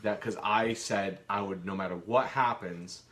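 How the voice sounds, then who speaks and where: A man's voice: fairly low pitch, fairly even intonation, a little slow, fairly bright tone. A man co-hosting a live home Q and A from his kitchen, chatting casually and rambling with jokes and restarts. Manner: rambling, jokey, trails off and restarts. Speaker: co-host of a live Q and A.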